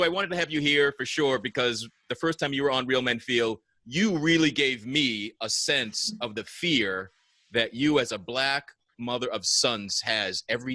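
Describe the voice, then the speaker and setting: A man's voice: mid-range voice, sharp tone, dry recording. A man hosting a podcast in a casual discussion, conversational and thoughtful, stammering into his questions. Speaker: podcast host.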